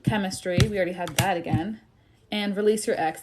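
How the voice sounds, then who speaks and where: A woman's voice: mid-range voice, fairly even intonation, brisk, background noise. A young woman giving a tarot reading on a live stream, chatty and sassy, often laughing. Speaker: tarot reader.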